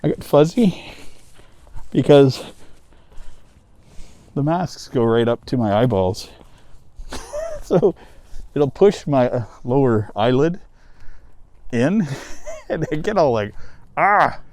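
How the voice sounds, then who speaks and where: A man's voice: mid-range voice, big pitch swings, slow, pauses often, dark tone. Winded man rambling on a woodland hike. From East Coast of the US. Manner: rambling, laughing, swearing casually. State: out of breath. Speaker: vlogger. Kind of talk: casual vlog narration while hiking. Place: wooded ravine trail outdoors. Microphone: handheld camera.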